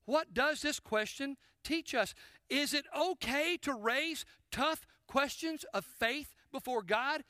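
A man's voice: very high-pitched, bright, forceful tone, no echo, studio quality. A male pastor preaching a sermon, asking the congregation rhetorical questions and addressing them directly.

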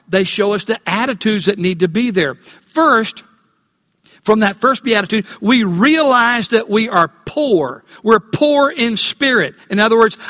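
A man preaching a Sunday sermon as pastor, asking the congregation questions and slowing down to stress key words. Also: sits high, sharp tone, big-room sound. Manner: call-and-response questions to congregation. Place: church.

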